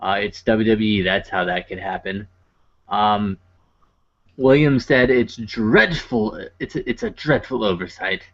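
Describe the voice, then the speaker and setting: A man's voice: lowish voice, measured pace, a bit bright. A man co-hosting a podcast, recapping a show in casual, rambling chat full of fillers and wry asides. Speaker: podcast co-host. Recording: dull lo-fi podcast audio.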